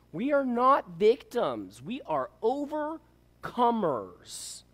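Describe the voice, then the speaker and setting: A man preaching a sermon as a pastor, pressing his listeners with rhetorical questions. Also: fairly high pitch.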